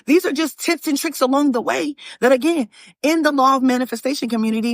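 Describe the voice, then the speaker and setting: A woman with a fairly high voice gives a motivational talk on her own channel, preachy and animated, calling her viewers y'all. She restarts her sentences often. Her voice sounds close and dry, with no room around it. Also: quick pace, no room sound. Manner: frequent restarts and fillers. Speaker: manifestation coach and channel host.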